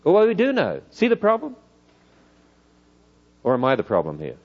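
A middle-aged man with an Australian accent, preaching in a church hall, lively and full of rhetorical questions. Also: on the high side, normal speed, lo-fi sound. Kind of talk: church lecture.

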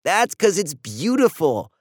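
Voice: mid-range voice, very animated, measured pace, breathy edge, no echo, clean studio sound, voice pushed up. The storybook narrator voicing a cheeky, easygoing young boy who talks breezily and confidently. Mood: breezy.

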